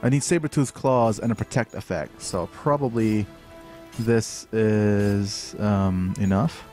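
Male game streamer, slow delivery, excitable yelps, lots of ums, faint music behind. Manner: excitable, bursts of high-pitched exclamations; thinks aloud with many fillers. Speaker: livestream host playing a game. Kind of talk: live gameplay commentary.

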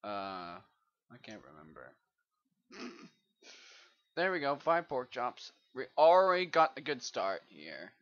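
Young-sounding guy doing a rambling let's play, slow and lively in pitch, swears a lot. Lo-fi mic. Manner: rambling, swearing, muttering to himself. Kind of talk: casual gameplay commentary. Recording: dull lo-fi mic.

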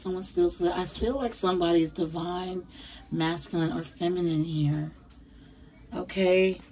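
A woman's voice: sits low, warm tone, rough recording. A woman giving a casual tarot reading at home, chatty and emphatic, full of slang and calling viewers baby. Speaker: tarot reader. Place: bedroom at home.

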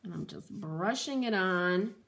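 A woman's voice: fairly low pitch, animated, a little slow, creaky, a bit bright. A woman hosting a live painting demo, chatting with viewers and reading out their comments while she works, with playful asides and frequent laughs.

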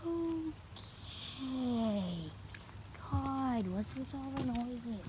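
A woman's voice: high voice, extremely slow, noisy background. A woman vlogging alone as she walks a wooded trail, jumpy and swearing often, recorded on a handheld phone. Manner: jumpy, swears often, mutters half under her breath. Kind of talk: nervous solo walking vlog. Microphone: phone held in hand.

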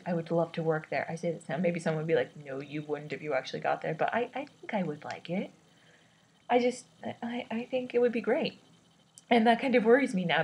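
A woman's voice: fairly low pitch, darkish tone, breathy edge, rough recording. A woman in her twenties talking through her worries in a rambling personal vlog, hesitant and self-doubting, with many restarts. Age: 20s. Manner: self-described awkward and introverted. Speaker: vlogger.

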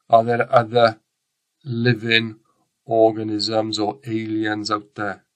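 Bright-voiced Welsh teacher, rambling. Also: male voice, lowish voice, creaky. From Wales. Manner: chatty, rambling, self-correcting. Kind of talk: recorded remote science lesson.

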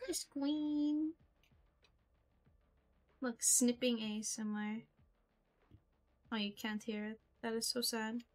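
Playful high-voiced woman streamer. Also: little pitch movement, unhurried, pauses often. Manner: joking, blunt, playful trash talk. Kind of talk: casual gaming chat.

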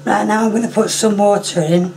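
Hoarse woman chatting through a cooking demo. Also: medium pitch, steady tone, moderate pace, music in the background. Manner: chatty, keeps clearing her throat and apologising. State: hoarse, losing her voice. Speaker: home cooking vlogger. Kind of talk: casual cooking demonstration.

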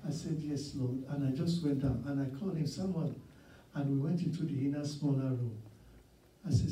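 Preaching as a guest in a church sanctuary, this sixty-something man recounts personal stories with earnest, emphatic repetition. His medium-pitched voice has a dark tone and moves a little fast. Captured from afar with roomy church acoustics, the audio carries slight background noise.

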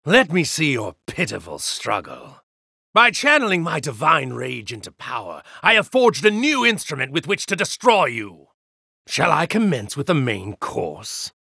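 A cold, self-righteous god of judgment who sneers at mortals in a gravelly, bright-edged voice. His lines crawl out slowly, dropping to low contempt and leaping to strained battle shouts. Recorded dry and close, like a game's studio voice lines. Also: huge pitch swings, dry recording, heavily acted. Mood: contemptuous. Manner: haughty, contemptuous, grandiose. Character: arrogant evil god in a hero's body, male. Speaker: video game character. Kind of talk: game voice lines.

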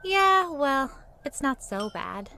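A bright, high-voiced young village girl for a game, earnest, light hiss. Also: big pitch swings, takes it slowly, full character voice. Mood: friendly.

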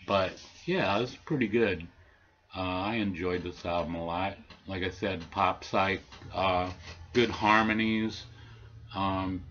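A man's voice: low-pitched, a bit bright, muffled recording. A man casually talking through his record finds in a laid-back, hesitant way, with lots of ums and uhs. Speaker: record collector showing vinyl finds.

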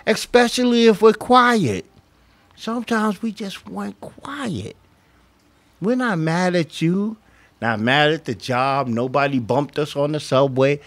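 A man's voice: high voice, dry recording. A man giving blunt relationship advice to women in a casual monologue, swearing and acting out little back-and-forth dialogues.

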